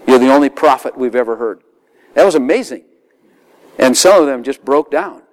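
A man preaching a sermon, telling stories with laughter and acting out quoted voices. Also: medium pitch. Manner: animated storytelling with laughs, dramatic quoted voices.

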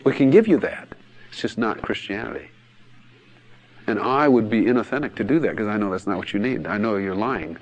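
Here the pastor's voice is fairly low and brisk. Preaching bluntly and with emphasis, he laughs often and performs quotes in different voices throughout his sermon-style teaching.

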